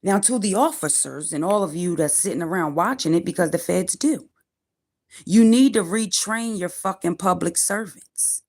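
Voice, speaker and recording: A woman's voice: lowish voice, normal speed, darkish tone. A woman in her forties ranting on a livestream from her car, profane, defiant and preachy. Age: 40s. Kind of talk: angry livestream rant.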